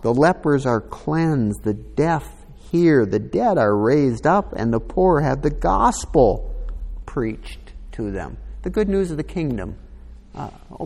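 A man's voice: medium pitch, dark tone. A man preaching a sermon, reading scripture aloud and breaking in with casual asides. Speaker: pastor. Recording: long hall reverb.

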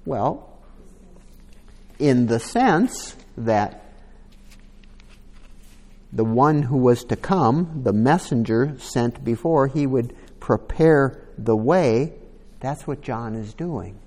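A man's voice: medium pitch, a little mellow. A man preaching a sermon, reading scripture aloud and breaking in with casual asides. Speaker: pastor. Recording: long hall reverb.

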